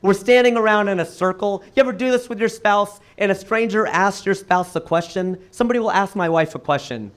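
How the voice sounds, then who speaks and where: A male stand-up comedian from Cincinnati performing on a live stage with a handheld mic, delivering punchy jokes and rhetorical questions in an animated way. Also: sits high, fairly quick, few pauses. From Cincinnati, United States.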